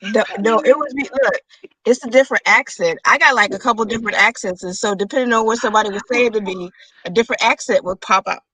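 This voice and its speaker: A woman's voice: on the high side, fast talker, pushed and bright, no room sound, rough recording. A woman guest in a casual chat, talking playfully with easy laughs.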